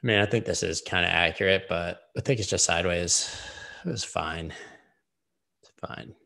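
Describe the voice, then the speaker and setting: Male streamer host, deep voice, casual chart talk, jokey and rambling. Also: vocal fry, pushed and bright. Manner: joking, rambling, quick asides.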